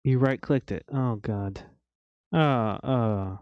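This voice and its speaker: A man's voice: medium pitch, slow, no room sound, muffled recording. A man co-hosting a podcast in casual chat, giving dry, teasing replies. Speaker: podcast co-host.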